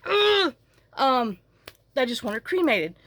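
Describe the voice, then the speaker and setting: A woman's voice: mid-range voice, a little slow. Tearful woman rambling to camera. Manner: rambling, trailing off and restarting often. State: tearful, fighting back crying. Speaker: journaling channel vlogger. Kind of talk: casual to-camera vlog chat.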